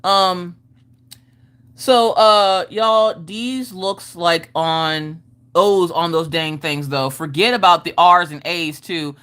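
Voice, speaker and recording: A woman hosting a casual livestream chat, telling stories in an animated way and going off on tangents while answering her viewers. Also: on the low side, slow, clear, resonant tone. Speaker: livestream host. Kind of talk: casual chat with live chat readers.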